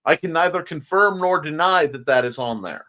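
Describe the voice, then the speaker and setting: A man runs a laid-back morning livestream from a room at home, and he sounds sleepy between yawns. His voice sits a little high for a man. He rambles and jokes, greeting viewers one by one as he reads their messages. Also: expressive, normal speed, pushed and bright. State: sleepy, yawning. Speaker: host of a morning livestream show. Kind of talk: casual livestream chat reading comments.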